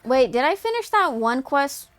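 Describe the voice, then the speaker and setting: A woman streamer on a headset, reading game text aloud and reacting in an excitable, profane, giggly way. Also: high voice, moderate pace, dry recording, faint music behind. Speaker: streamer playing a video game.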